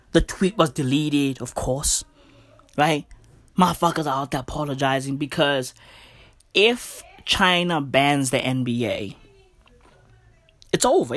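A man's voice: on the high side, fairly bright tone, no echo. A man ranting in a casual, profane, slang-heavy way and checking in with "right?" again and again. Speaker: commentator. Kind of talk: casual rant.

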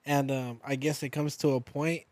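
A young man co-hosting a podcast, telling a story in loose casual chat, swearing freely and dropping soft and low when the story gets emotional. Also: flat delivery, normal speed, no room sound. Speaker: podcast co-host.

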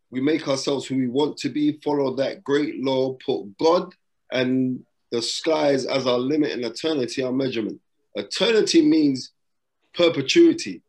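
Man, middle-aged, boxing broadcaster, emphatic, repeats himself, preacherly, slangy, mid-pitched voice, talking from a hotel room. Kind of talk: motivational advice in a casual interview. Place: hotel room during lockdown.

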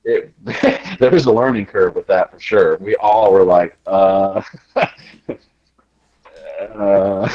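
An American podcast guest with a fairly low voice tells travel stories in a relaxed chat, acting out quotes and laughing along the way. He takes his time and pauses often, and the recording has its high frequencies cut off.

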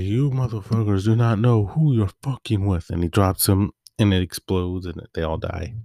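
A man's voice: low-pitched, a little mellow, no room sound, clean studio sound. A man hosting a solo podcast, talking in a loose, rambling, offhand way. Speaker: podcast host. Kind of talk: casual solo monologue.

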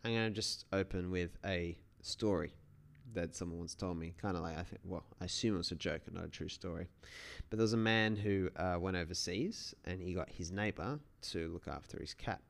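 A man's voice: low voice, fairly quick, gravelly. A man hosting a solo podcast, talking in a casual, rambling way with many restarts. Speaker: podcast host.

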